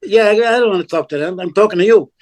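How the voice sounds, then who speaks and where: An older man, telling a story as a podcast guest, animated and blunt, acting out the dialogue of the people in it. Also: high-pitched, quick pace. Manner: animated, acts out quoted dialogue, blunt and profane. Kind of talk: casual storytelling.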